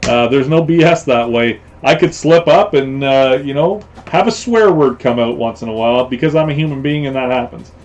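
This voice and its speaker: A man's voice: medium pitch, animated, moderate pace, hardly any pauses, darkish tone, dull audio. A man hosting a casual live stream, rambling along with lots of fillers and repeated phrases. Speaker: host.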